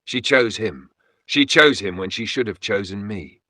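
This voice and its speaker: A man's voice: on the low side, a little slow, bright, forceful tone, no room sound, studio quality. A man voicing a murmuring ghostly killer. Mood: obsessive. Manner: murmuring, sobbing, turning cold. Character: obsessive male ghost of a killer, whispering and grieving.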